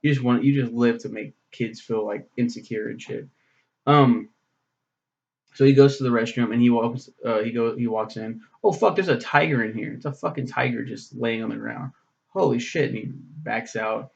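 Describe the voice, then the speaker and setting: A man with a gravelly, creaky voice rambles through a casual book-review vlog. He swears freely and fills his pauses with "um". The recording sounds dull and lo-fi. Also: medium pitch, fairly even intonation, a little mellow. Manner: rambling, profane, many "um"s.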